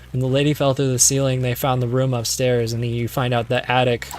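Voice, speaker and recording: A man's voice: mid-range voice, level tone, fairly quick, a little mellow, a little hiss or hum. A young man streaming a game while rambling through a movie plot from memory, swearing and losing his thread. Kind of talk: casual movie recap while gaming.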